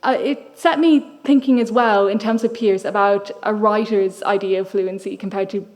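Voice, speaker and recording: A woman's voice: mid-range voice, steady tone, normal speed. A young Irish woman novelist with an Irish accent giving a public literary lecture in a thoughtful, wry way. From Ireland. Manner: thoughtful, wry, asides and self-corrections.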